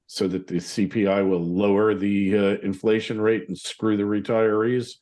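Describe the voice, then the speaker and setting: A man's voice: fairly low pitch, little pitch movement, normal speed, a little mellow. A man hosting a podcast interview, speaking in a casual, blunt and sarcastic way. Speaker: podcast host.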